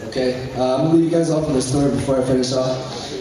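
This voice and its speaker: A young man giving a fervent motivational speech to a business group, repeating key phrases and breaking into shouts. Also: medium pitch, fairly even intonation, quick pace. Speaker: motivational speaker at a business meeting. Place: large indoor hall with a live audience. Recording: very echoey hall, mic far off, crowd.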